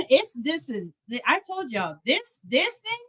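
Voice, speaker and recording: A woman streamer giving casual reaction commentary on a clip, animated, laughing and talking back to it. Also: high-pitched, slow pace.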